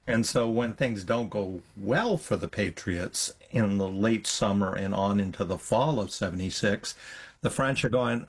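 A middle-aged man, a history professor, giving lively explanatory answers in an interview. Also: fairly low pitch, measured pace, breathy edge. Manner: animated, acts out historical voices in quotes.

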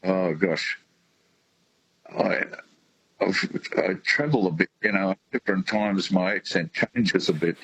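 A man calling into a radio show, talking casually and haltingly, with a New Zealand tinge to his accent. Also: sits low, fairly bright tone, slightly rough, no room sound, poor audio. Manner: halting, hesitant. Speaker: caller. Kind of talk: casual phone chat.

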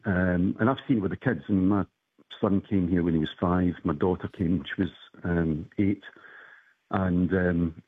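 A man's voice: sits low, normal speed, husky, no room sound. Glaswegian man on a phone line. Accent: Glaswegian Scottish. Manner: relaxed, hesitant with many ums. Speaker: caller. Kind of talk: casual chat.

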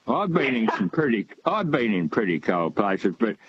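A man's voice: lowish voice, sing-song, normal speed, lo-fi sound, a little hiss or hum. An older man calling in to a radio show, talking in a rambling, hesitant way with many fillers. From Australia. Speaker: caller. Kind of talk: phone-in call.

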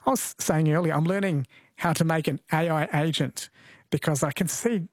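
Aussie radio host, chatty, thinks out loud, dry close mic. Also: mid-range voice, moderate pace, no echo. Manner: conversational, thinks aloud with fillers. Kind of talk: radio talk show interview.

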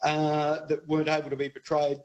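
A man calling in to a radio quiz who talks in a hesitant, halting way with many restarts. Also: on the high side, monotone, darkish tone, dull audio. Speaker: radio caller. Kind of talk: casual talkback call.

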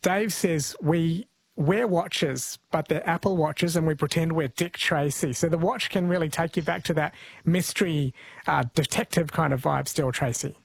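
A male talk-radio host with a fairly high, husky voice. He is recorded close and dry, and he chats easily with callers. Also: moderate pace, no room sound.

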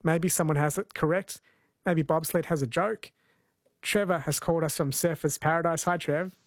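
A man hosts a talkback radio quiz in a chatty, self-correcting way. His voice sits a little high and the studio sound is dry and close. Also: steady tone, normal speed, no room sound. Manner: chatty, self-correcting, friendly banter with callers. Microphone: studio microphone.

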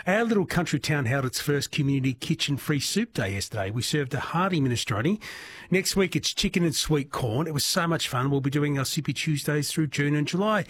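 Husky-voiced male radio host. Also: fairly high pitch. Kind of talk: talkback radio hosting, reading listener texts.

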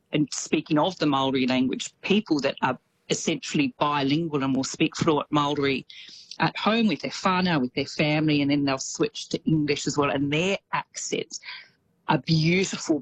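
A woman's voice: low voice, slight background noise, low-quality recording. A woman with an Australian accent, talking casually and with enthusiasm as a radio correspondent. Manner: chatty, enthusiastic.

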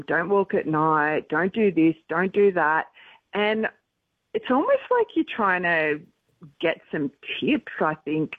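A woman's voice: low-pitched, husky, no echo. A middle-aged woman guest chatting in a thoughtful, hedging way with many fillers, heard over a phone line. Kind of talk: casual chat on a phone line.

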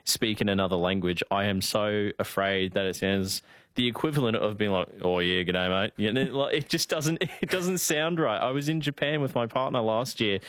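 Aussie country guy cohosting, lively rambling chat, kinda low voice, dry close mic. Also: normal speed, dry recording. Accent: rural Australian. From Australia. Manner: animated storyteller, chatty with many fillers. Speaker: show co-host. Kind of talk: casual chat.

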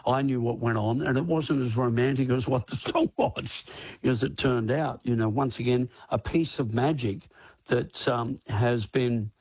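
A man's voice: medium pitch, unhurried, darkish tone, breathy edge, no room sound, highs cut off. An older man, a guest musician in a radio interview, telling stories in a rambling way with lots of "you know" and acted-out quotes. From Australia.

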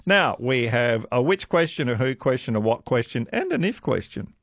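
A man's voice: medium pitch, big pitch swings, moderate pace, a bit bright, no echo. A man hosting a radio quiz with callers, chatty and self-deprecating, laughing often. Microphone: studio microphone.

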